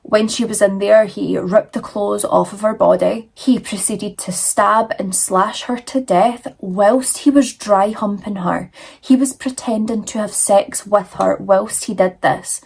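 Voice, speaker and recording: A woman's voice: mid-range voice, measured pace, creaky, darkish tone, husky. A woman telling true crime stories in a chatty, dramatic way with frequent fillers, talking casually while she does her makeup and feels cold.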